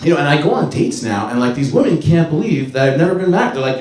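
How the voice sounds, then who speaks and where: A man in his thirties doing a stand-up comedy set on a club stage, talking in a loose, rambling, profane way and shouting his punchlines. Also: fairly high pitch, big pitch swings, fast talker, a little hiss or hum. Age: 30s. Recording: roomy club with crowd laughter. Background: laughing audience.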